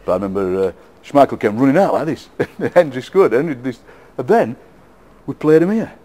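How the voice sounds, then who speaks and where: A man's voice: mid-range voice, a little fast. Chatty Yorkshire man telling stories. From England. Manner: animated anecdotes, laughs often, repeats words. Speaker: interview guest, poet. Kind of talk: casual storytelling interview.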